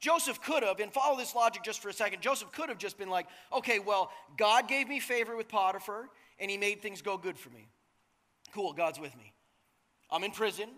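A pastor in his thirties preaches in a loose, joking, conversational way, often checking in with his listeners. His voice is very high and bright for a man. A long reverb from the hall trails his words. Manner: casual, joking, conversational, asks the crowd "right?". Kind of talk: sermon.

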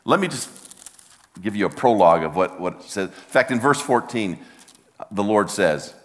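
An older man preaching a sermon, telling a heartfelt story with halting restarts. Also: fairly low pitch, lively intonation, a bit bright. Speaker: pastor. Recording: long reverb of a large hall.

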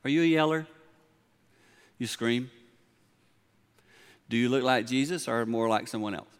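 A middle-aged man, preaching a sermon in a large church, moving from quiet storytelling to emphatic points. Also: mid-range voice, unhurried, clean tone. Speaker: pastor. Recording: long hall reverb.

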